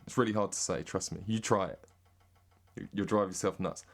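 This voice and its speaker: An English man in a rambling, sweary deadpan comic monologue. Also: low-pitched, brisk, creaky, long pauses. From Britain. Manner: rambling and sweary, drifting into mock accents. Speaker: comedic monologue host.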